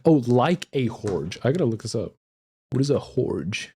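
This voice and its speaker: A young man livestreaming, chatting casually and excitably with viewers and reading chat aloud. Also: medium pitch, normal speed, husky. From Australia.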